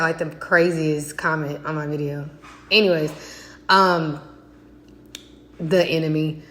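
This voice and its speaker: A woman talking casually and excitedly to her viewers in a faith vlog, chatty and direct. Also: on the low side. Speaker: faith vlogger. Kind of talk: casual devotional vlog talk.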